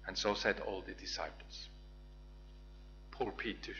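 Man, preacher, slow-paced sermon, reflective Bible storytelling, slightly dull recording, faint hum. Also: sits low, little pitch movement, creaky, pushed and bright. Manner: reflective storytelling, reads scripture aloud with small restarts.

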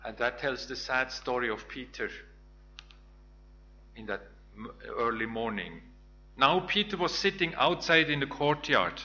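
Bright-voiced man preaching slowly. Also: medium pitch, expressive, dull audio, slight background noise. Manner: reflective storytelling, reads scripture aloud with small restarts. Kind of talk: Bible teaching sermon.

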